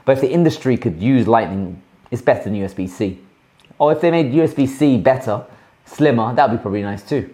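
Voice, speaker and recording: A man hosts a live stream in a loose, chatty way. He tells long stories animatedly and often restarts his sentences mid-thought. His voice sits at an ordinary middle pitch for a man. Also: fairly quick. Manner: rambling, animated storytelling with frequent restarts. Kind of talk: casual chat.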